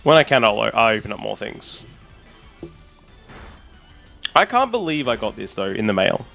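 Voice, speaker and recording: A man, a streamer, chatting casually and excitably with his audience while rambling on. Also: on the low side, quick pace, gravelly, soft background music. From Australia. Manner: excitable, rambling, talks to chat. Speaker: streamer and content creator. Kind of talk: casual live-stream chat.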